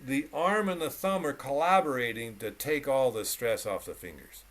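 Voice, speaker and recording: Over a video call, a man gives a one-on-one piano lesson, coaching his student emphatically and repeating short cues while he demonstrates, with piano playing in the background. His voice is medium-pitched, a bit bright, and moderately paced.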